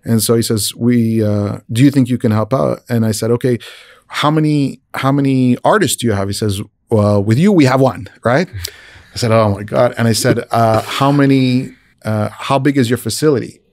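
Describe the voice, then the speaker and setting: A man's voice: normal speed, darkish tone, no echo, studio quality. A man casually recounting a career story, often repeating and restarting words and acting out the lines of the people he quotes. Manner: retells conversations, often raising his pitch for the quoted speakers. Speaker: visual effects artist telling a career story. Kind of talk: casual personal anecdote.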